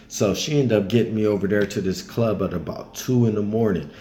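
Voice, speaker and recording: Guy with a lowish voice telling loose travel stories, chatty and animated. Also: fairly quick, hardly any pauses, a little hiss or hum. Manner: animated, acts out others in high voices; colloquial, loose phrasing. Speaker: travel storyteller. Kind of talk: casual storytelling.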